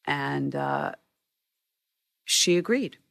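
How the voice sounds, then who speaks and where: A woman with a low, gravelly voice recounts her work as a photographer in an interview. She is animated and often breaks into voices and restarts. The sound is dry and close. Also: very slow, no room sound. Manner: animated, acts out quotes, frequent restarts. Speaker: news photographer. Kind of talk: storytelling in a sit-down interview.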